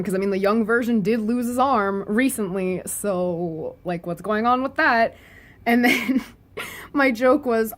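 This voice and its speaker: A woman's voice: mid-range voice, lively intonation, moderate pace. A woman giving a casual, joking video review of a comic, talking in a loose, chatty way full of "like" and "anyway" and laughing often. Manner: chatty and giggly, with lots of "like" and "anyway"; playful and joking. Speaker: webcomic reviewer.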